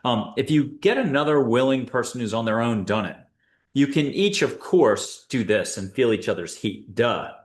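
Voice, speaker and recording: A man hosts a guided spiritual talk, speaking straight to his listeners. He keeps the tone playful and upbeat, slipping in jokes and quick asides. His voice sits at an ordinary middle pitch for a man. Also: animated. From United States. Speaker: host and angel intuitive.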